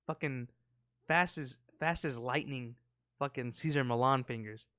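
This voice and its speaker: A man's voice: medium pitch, measured pace, bright, forceful tone, no echo, clean studio sound. A man co-hosting a podcast, rambling in casual, profane banter and acting out sound effects. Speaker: podcast co-host. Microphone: close podcast mic.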